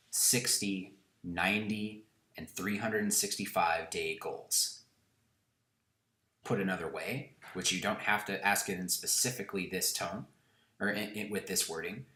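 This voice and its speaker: A man giving a recorded online lesson in an instructive way, repeating key questions slowly and deliberately. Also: low voice, bright, forceful tone, reverberant. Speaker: course instructor.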